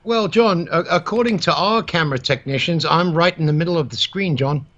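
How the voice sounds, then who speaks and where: Through a muffled webcam microphone, an Englishman with a high-sitting, fairly bright voice talks fairly quickly while co-hosting a comedic stream show. His banter is dry and mock-formal, and he keeps calling his co-host by name in the casual chat.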